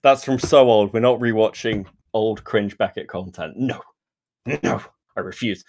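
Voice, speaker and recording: A British man hosting a casual livestream, talking fast and swearing often, exasperated and pleading at times. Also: on the low side, a little mellow. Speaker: streamer host.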